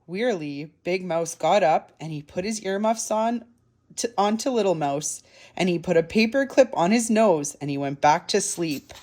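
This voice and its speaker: Expressive woman reading a picture book. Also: fairly low pitch, moderate pace. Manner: expressive, soft and dramatic. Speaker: library storytime reader.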